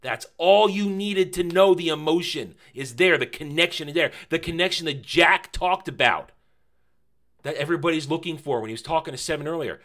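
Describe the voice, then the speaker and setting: Male reviewer, casual and emphatic, with a bright, forward tone. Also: fairly high pitch, fairly quick. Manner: animated and emphatic, fond of repeating phrases; casual, with mild swearing. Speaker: TV series reviewer.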